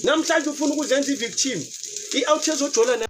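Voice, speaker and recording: A South African man giving casual, animated commentary, switching between languages with loud outbursts. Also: extremely high pitch, quick pace, background noise.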